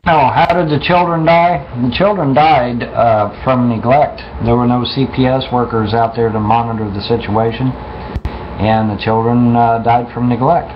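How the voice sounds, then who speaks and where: A man in a casual, rambling stream talk who swears freely and keeps restarting his sentences. The sound is muffled and dull, with clear background noise throughout. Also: mid-range voice, fairly even intonation, moderate pace. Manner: profane, rambling, repeats and restarts often. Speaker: streamer talking to listeners.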